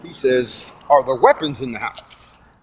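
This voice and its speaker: A man telling a long personal story in a rambling, casual monologue. He swears constantly, uses lots of fillers and acts out quoted voices loudly. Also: medium pitch, lively intonation, unhurried, a little hiss or hum.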